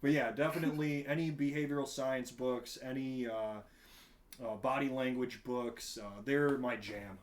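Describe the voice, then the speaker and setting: A man in his thirties, a podcast guest, chatting casually in a rambling, animated way and laughing often. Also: medium pitch, moderate pace. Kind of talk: casual chat.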